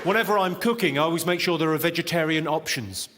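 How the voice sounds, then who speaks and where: A man doing stand-up in a large theatre before a live audience, telling jokes in a brisk, mock-innocent way. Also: on the high side. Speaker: stand-up comedian. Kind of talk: live stand-up one-liners. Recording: loud crowd noise with long hall reverb.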